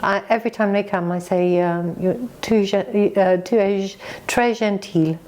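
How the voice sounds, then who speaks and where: A middle-aged English woman co-hosting a vlog, candidly and emotionally retelling a hard experience, halting and choked up at times. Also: medium pitch, steady tone, a little mellow. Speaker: vlog co-host. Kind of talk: candid conversation.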